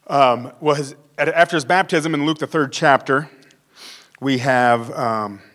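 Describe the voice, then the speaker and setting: A man's voice: mid-range voice, measured pace, fairly bright tone. A male pastor giving a conversational sermon, acting out the quotes he reads.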